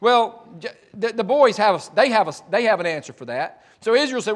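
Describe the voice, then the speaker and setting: High-voiced preacher, folksy. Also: male voice, animated, fairly quick. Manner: folksy, conversational storytelling with frequent restarts. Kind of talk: sermon, retelling scripture.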